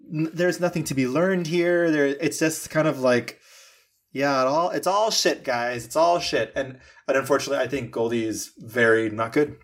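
A man co-hosting a film review podcast, rambling in an animated way and cursing freely. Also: on the high side. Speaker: podcast co-host. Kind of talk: casual film review chat.

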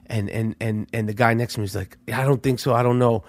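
A middle-aged podcast host tells a story as a profane, animated monologue, lurching between loud outbursts and hushed asides. His voice is mid-range and he talks fast.

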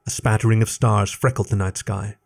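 A man narrating a first-person story in a steady, measured reading voice. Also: on the low side, creaky. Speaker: story reader.

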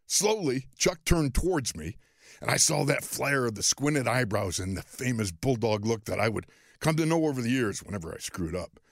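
A man in his sixties from Western New York, a podcast host and former football player telling a story in an animated, self-deprecating way, often chuckling. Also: mid-range voice, normal speed, creaky, no room sound, clean studio sound. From Western New York, USA. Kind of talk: storytelling monologue.

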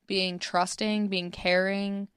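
A woman's voice: medium pitch, level tone, slow, fairly bright tone, smooth, dry recording, clean studio sound. A young woman co-hosting a podcast in casual chat, chatty and self-conscious, full of "like". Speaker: podcast co-host.

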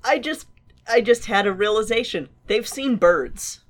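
A woman's voice: fairly high pitch, lively intonation, unhurried. A woman co-hosting a podcast, adding short, dry remarks in casual chat. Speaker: podcast co-host.

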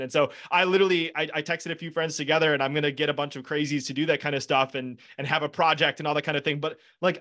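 A man's voice: fairly high pitch, a bit bright. A man hosting a podcast in casual interview chat, earnest and rambling, often restarting his sentences and swearing a little. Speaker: podcast host. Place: home studio with foam panels.

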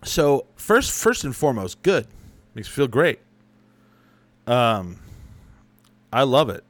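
A man's voice: medium pitch, sing-song, takes it slowly, no room sound. A young adult man chatting casually as a podcast host, answering listener questions with rambling, profane, self-correcting stories. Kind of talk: casual chat.

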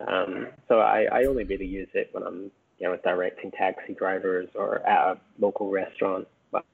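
Gravelly Scottish man on a tinny line. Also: sits low, level tone, moderate pace. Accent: softened Scottish. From Scotland. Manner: rambling, self-correcting, chuckles often. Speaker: podcast guest, author. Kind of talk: casual chat. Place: home in Vietnam. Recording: tinny phone-like remote call.

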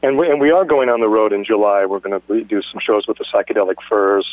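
A man's voice: on the low side, fast, no echo. A man in his sixties with a Californian accent, telling a long story in a rambling way, restarting and repeating words. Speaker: guest musician. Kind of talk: storytelling in an interview. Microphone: phone. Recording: tinny phone line.

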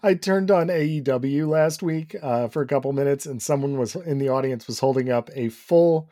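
A man co-hosting a podcast in casual chat, relaxed, laughing often and steering the topic. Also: mid-range voice, normal speed. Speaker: podcast co-host.

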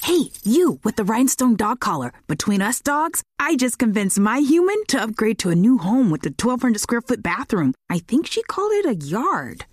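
A woman voicing a chatty, smug pet dog in a radio ad, talking in a lively, conspiratorial way. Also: a little high, normal speed, few pauses, husky, no room sound, clean studio sound. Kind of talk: radio ad acting.

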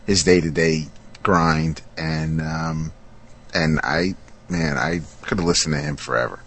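A man's voice: rumbling low, fairly even intonation, creaky, a bit bright. A man co-hosting a podcast, chatting casually and often stumbling over repeated words. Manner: halting, repeats words as he talks. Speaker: podcast co-host.

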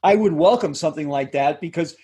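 A man who works as a communication coach, a podcast guest explaining in a measured way and dropping his pitch to close points. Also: warm tone, husky. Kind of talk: interview conversation.

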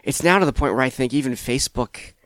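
A man in his thirties, a stand-up comedian, chats as a podcast guest, telling stories in an easygoing, thoughtful way. His mid-range voice is fast and a bit bright, recorded with no echo.

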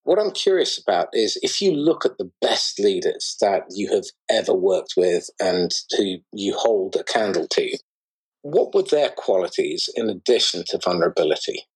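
A man's voice: deep voice, big pitch swings, moderate pace, breathy edge, poor audio. A man interviewing a guest, asking curious and enthusiastic questions. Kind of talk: casual conversation.

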